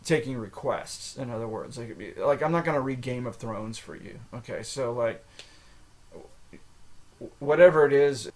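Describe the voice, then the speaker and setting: A man's voice: mid-range voice, measured pace, pauses often. An American man hosting his own podcast, talking in a rambling, casual monologue full of fillers and restarts. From United States. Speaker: podcast host.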